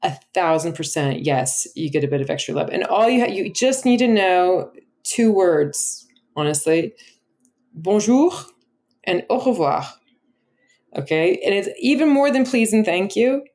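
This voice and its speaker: American lady journalist chatting on a podcast, kinda low voice, lots of likes and you knows. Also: normal speed. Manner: chatty and animated, many filler words and restarts. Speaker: guest, travel journalist. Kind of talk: conversational interview.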